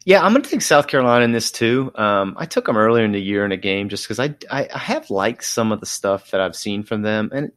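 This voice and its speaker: A man hosts a casual sports podcast in a low-pitched voice. He talks loosely, with frequent ums and restarts, and laughs easily. The sound is dry and close. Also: expressive, fairly quick, hardly any pauses, fairly bright tone, no echo. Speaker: podcast host.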